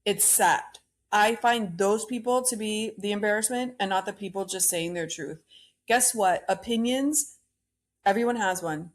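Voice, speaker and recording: A woman hosts her own podcast alone and airs her views bluntly, cursing freely as she rants about the latest celebrity news. Her voice sits in an ordinary middle pitch, and her strong opinions carry the talk. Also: measured pace. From Cuban-American. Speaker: podcast host. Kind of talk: solo opinion podcast rant.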